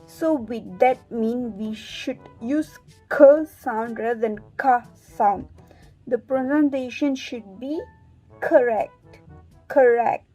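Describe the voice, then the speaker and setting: Slow, higher-voiced young woman teaching words. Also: dark tone, faint music behind, low-quality recording. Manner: slow, deliberate, repeats words for drilling. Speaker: student presenter. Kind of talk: scripted pronunciation lesson.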